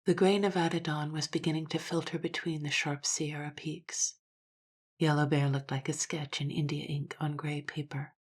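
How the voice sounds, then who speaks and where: A woman narrating a classic story in a measured voice that sometimes drops to a hush. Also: sits low, little pitch movement, husky.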